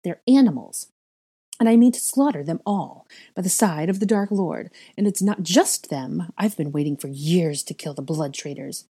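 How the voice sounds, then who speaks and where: A woman's voice: very animated, moderate pace, warm tone, husky, full character voice. A woman voicing a gleeful, bloodthirsty witch who giggles and spits her words, in a storybook reading. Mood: vicious. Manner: shrill, giggling, spiteful.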